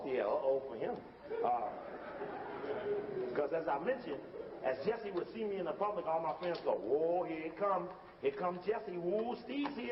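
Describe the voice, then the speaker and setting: A man's voice: a little high, in a large hall, lo-fi sound, a little hiss or hum. A man giving casual, emphatic commentary over video footage and calling out cues to stop and rewind it. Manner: emphatic, talks straight to the listener and calls out cues to stop and rewind.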